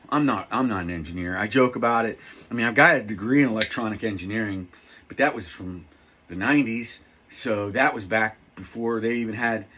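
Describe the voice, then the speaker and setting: Middle-aged man, husky voice, casual and rambling, excitable vlog delivery. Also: mid-range voice. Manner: rambling, excitable, self-mocking. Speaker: knife reviewer. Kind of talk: casual talk to camera.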